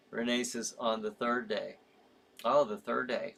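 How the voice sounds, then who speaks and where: A man's voice: mid-range voice, steady tone, slow pace, creaky, fairly bright tone. A man hosting a live show in casual chat, reading out viewer comments with sympathy, rambling with frequent fillers and easy laughs.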